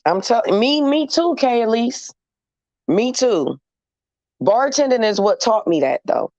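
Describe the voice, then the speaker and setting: A woman's voice: fairly high pitch, big pitch swings, unhurried, darkish tone, dry recording, highs cut off. A woman hosting a casual chat with her audience, talking in a blunt, candid and slangy way. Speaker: host talking to viewers.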